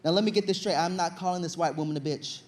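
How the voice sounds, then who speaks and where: A young man from Virginia performing stand-up comedy on stage, telling an animated story with loud acted-out outbursts. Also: fairly high pitch, quick pace, slight background noise. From Virginia, USA. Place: comedy stage before an audience.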